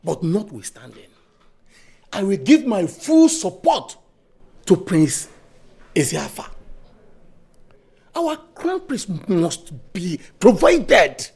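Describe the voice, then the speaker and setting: A man's voice: high voice, sing-song, slow pace, creaky, pauses often, darkish tone, breathy edge, full character voice. A man playing a stern elder of the royal council who questions and demands, formal and commanding, with a Nigerian accent. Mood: grave.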